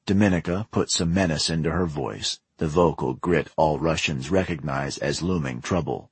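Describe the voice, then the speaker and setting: A male narrator reads a spy novel with measured, even storytelling. His voice is very low and husky. The recording is dry and close. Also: dry recording. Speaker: audiobook narrator. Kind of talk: scripted narration.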